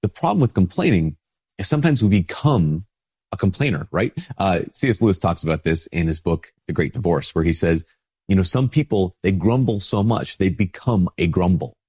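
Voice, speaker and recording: Husky-voiced priest with a cold. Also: male voice, low-pitched, expressive, normal speed, a little mellow. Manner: conversational, informal, with many restarts and "like". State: sick with a stuffy nose. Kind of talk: casual spoken reflection.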